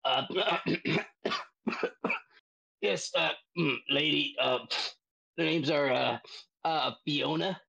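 A man voicing a battered goblin prisoner in a tabletop game, halting and full of fillers. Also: a little high, gravelly, bright, forceful tone, breathy edge, lo-fi sound, exaggerated voice. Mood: stalling.

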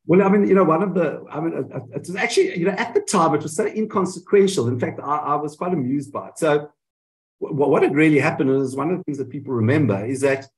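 A man in a candid interview, telling his side of events in an animated way and often correcting himself mid-sentence, heard over a video call. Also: a little high, fast talker, low-quality recording. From South Africa. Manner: animated storytelling, frequent self-corrections. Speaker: guest.

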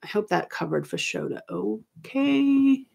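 A middle-aged woman reviewing history for an exam, explaining casually with many ums and quick self-corrections, recorded at home. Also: mid-range voice, animated, gravelly, darkish tone, husky. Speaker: history teacher. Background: children arguing in the background.

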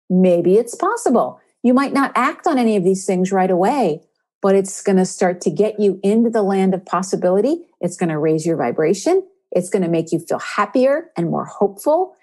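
A woman hosting a spiritual coaching podcast, speaking in an encouraging way and slowing down to stress key words. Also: medium pitch, dark tone. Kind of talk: inspirational podcast talk.

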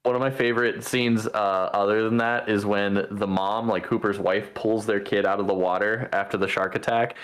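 A man chatting casually on a podcast about a movie. He swears freely and acts out quotes from scenes in voices that jump up high. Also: fairly even intonation, normal speed, few pauses.

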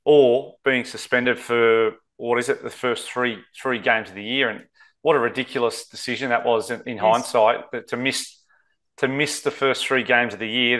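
A man's voice: medium pitch, a bit bright. An Australian man co-hosting a sports betting podcast, talking casually and rambling, saying mate a lot. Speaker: co-host.

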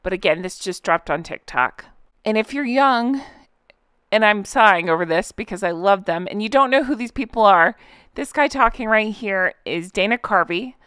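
A woman's voice: medium pitch, expressive, normal speed, fairly bright tone, clean tone, dry recording, studio quality. A woman hosting a reaction channel, chatting to viewers with a giggly, casual manner and lots of fillers.

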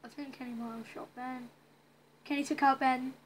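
A woman's voice: high-pitched, fairly even intonation, moderate pace, over a noisy crowd, poor audio. A woman giving casual, rambling commentary while playing a story game, reacting aloud as she goes. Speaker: gaming channel host. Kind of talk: casual let's-play commentary.

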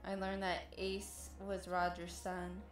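Slow-talking woman reading a manga recap. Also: lowish voice, monotone, faint music behind. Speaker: podcast co-host. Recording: echoey room.

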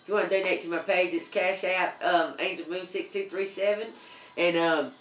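Lady doing a tarot reading, lowish voice, lots of ums and okays, echoey room. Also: fairly even intonation, normal speed. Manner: chatty, repeats okay, many ums. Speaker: tarot reader.

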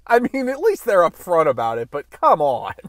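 A man co-hosting a podcast, cracking jokes in quick, excitable interjections during casual chat. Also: fairly high pitch, no echo, studio quality. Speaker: podcast co-host.

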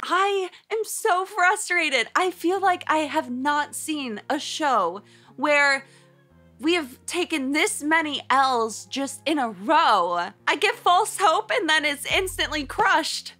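A young woman reacting to an anime episode, expressive and exasperated, with frequent gasps and groans. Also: sits high, takes it slowly. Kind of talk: live reaction commentary.

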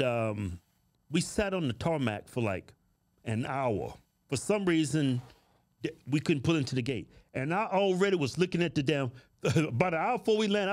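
A man with a high, bouncing voice co-hosts a casual talk show. He tells stories in an animated, profane way, laughing often. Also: normal speed. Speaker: co-host. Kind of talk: casual commentary and storytelling.

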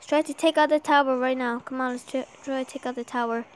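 High-voiced woman with a sore throat. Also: fast, clear, resonant tone. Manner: excitable, urging the game on aloud. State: sore throat, starting a cold. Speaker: gamer. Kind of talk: live gameplay commentary.

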